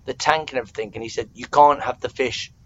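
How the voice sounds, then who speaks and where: A man's voice: medium pitch, steady tone, fast, dull audio, a little hiss or hum. Chatty young English man telling stories. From England. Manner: chatty storyteller, lots of fillers and self-mocking asides. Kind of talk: casual chat.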